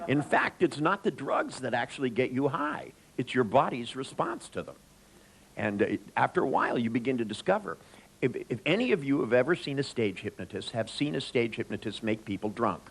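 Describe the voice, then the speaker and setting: A man with a creaky, mid-range voice gives a live seminar talk, addressing the audience directly. He's an animated storyteller who jokes and shares anecdotes, though the audio is poor.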